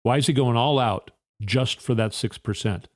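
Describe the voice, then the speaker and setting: A man's voice: medium pitch, normal speed. Fired-up man hosting political commentary. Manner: fired-up, indignant rhetorical questioning. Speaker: podcast host.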